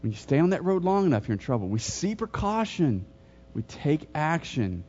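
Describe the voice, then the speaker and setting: A man's voice: on the high side, very animated, moderate pace, warm tone, breathy edge. A middle-aged man preaching a sermon as pastor, telling stories with humor and asking the congregation questions. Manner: storytelling, jokes and questions to the congregation. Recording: dull lo-fi sermon recording.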